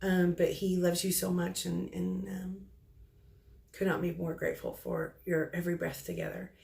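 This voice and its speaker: A middle-aged woman working as a psychic medium, relaying spirit messages in a halting, soft-spoken way with many pauses and restarts. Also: fairly low pitch, level tone, vocal fry.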